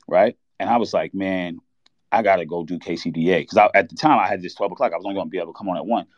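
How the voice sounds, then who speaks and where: A deep-voiced man tells a candid story, halting and searching for words. His voice comes through dull, lo-fi, and dry. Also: no echo. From New York. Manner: candid, halting, reliving a loss. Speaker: podcast host. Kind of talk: emotional personal story on a sports talk show.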